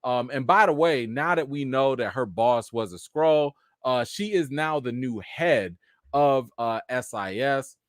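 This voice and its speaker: A man's voice: mid-range voice, expressive, unhurried, no room sound, clean studio sound. A man hosting a live chat reaction and review of a TV episode, talking casually with lots of "you know" fillers. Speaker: show host and reviewer.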